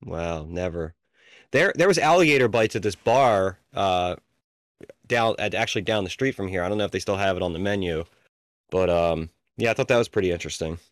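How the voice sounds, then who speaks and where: A man co-hosting a podcast, chatting casually and telling stories with animated, self-mocking delivery. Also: low-pitched, fairly quick, dry recording. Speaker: podcast co-host. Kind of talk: casual chat.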